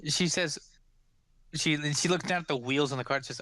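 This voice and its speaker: A man narrating as game master of a tabletop game, animated and rambling. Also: mid-range voice, fairly quick, no echo.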